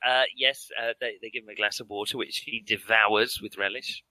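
A man running a tabletop role-playing game, narrating in a low, bright voice. He pauses with frequent fillers and sounds amused with himself. The sound is dry and close. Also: fairly even intonation, no echo, poor audio. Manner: halting narration with many fillers, self-amused. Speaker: game master.

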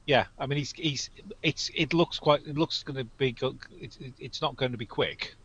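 A man's voice: mid-range voice, a bit bright, breathy edge. Hesitant man running a tabletop game. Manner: halting, with many fillers and restarts. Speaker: game master. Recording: slightly dull lo-fi sound.

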